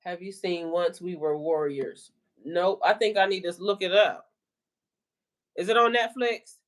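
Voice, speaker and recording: A woman's voice: fairly low pitch, fairly even intonation, a little slow. A woman hosting a livestream as a spiritual life coach, chatting casually with viewers in a playful, slangy way and laughing often.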